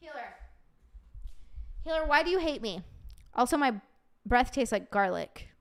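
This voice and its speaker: Casual woman stream host reading chat, profane and giggly, somewhat high pitch. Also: expressive, unhurried. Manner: profane, laughing, reacting to chat.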